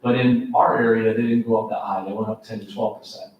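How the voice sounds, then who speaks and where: A man, a school administrator, presenting slides at a board workshop in a measured, steady way, pausing with ums and restarts, with a cough. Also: fairly low pitch, muffled recording, a little hiss or hum. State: has a cough. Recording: very echoey meeting room, distant mic.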